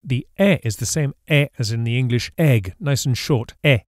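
At a normal speed and medium pitch, a man narrates a scripted lesson teaching Spanish. Each example word is pronounced carefully as a clear model, with patient explanation throughout, in studio-quality sound without echo.

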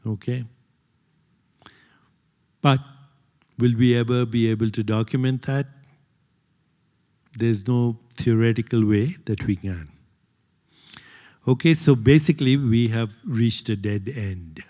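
A man's voice: mid-range voice, slow, pauses often, mellow. An older man giving a conversational talk to an audience, lecturing with many fillers and asides. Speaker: speaker. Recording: long hall reverb.

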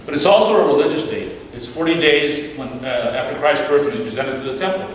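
A man from Mexico giving a lively storytelling talk to a church audience, acting out the voices in his anecdotes and often restarting his sentences. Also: on the high side, fast talker. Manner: animated storyteller who acts out quoted dialogue, many restarts. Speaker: guest speaker. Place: church hall. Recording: echoey hall, distant mic, faint hiss.

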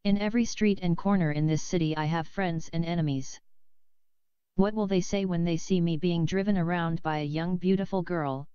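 Woman reading older hajj, storybook, fatherly, gentle, clear low voice. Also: moderate pace, dry recording, natural voice. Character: older male hajj, pious and self-regarding. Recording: slightly dull lo-fi recording.

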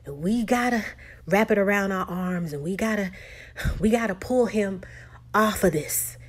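A woman voices an intense older veteran father, his words low, urgent and half whispered. The voice is husky and pitched below the reader's own, with a steady, commanding press. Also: unhurried, close to an everyday voice. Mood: rousing.

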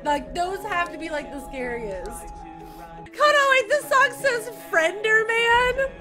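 A woman's voice: extremely high pitch, big pitch swings, slow, over music. A young woman reacting to a horror game, squealing, laughing and screaming in fright. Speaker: gaming youtuber.

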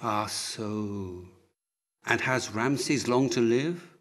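A dying young prince whispers his last wishes, faint and pleading, as a male narrator puts him on. The voice sits mid-height and moves slowly, breath thinning out. It is a storybook reading. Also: mid-range voice, a bit bright. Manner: weak whispering voice. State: dying, barely audible.

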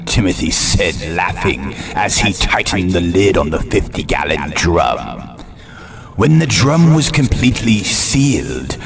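A man hosting a horror show, narrating a scary story slowly and dramatically, with an ominous tone. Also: on the low side, creaky. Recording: narration over loud music. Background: music.

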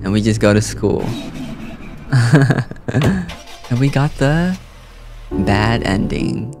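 A young man doing lively game commentary, laughing often and jumping high in pitch when excited. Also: very slow, music in the background. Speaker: gaming YouTuber.

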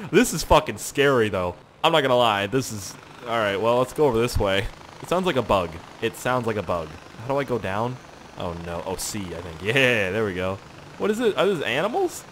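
A man giving casual gameplay commentary, excitable, swearing often and laughing at surprises. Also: mid-range voice, moderate pace, slight background noise. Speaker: gaming channel host.

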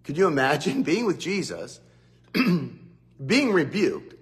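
Animated male preacher. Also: a little high, slow. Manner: animated, acts out quotes. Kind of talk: devotional Bible teaching.

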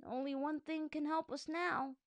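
A woman's voice: high voice, steady tone, moderate pace, no echo, pitched above the performer's own voice, lightly acted. Woman doing a scheming young schoolboy. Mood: conspiratorial.

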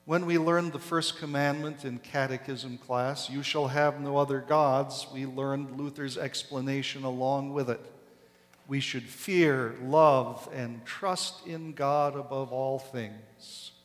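A man preaching a sermon as pastor, slow and deliberate, leaning hard on key words. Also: mid-range voice, steady tone. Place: large church sanctuary. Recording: long echo of a church hall.

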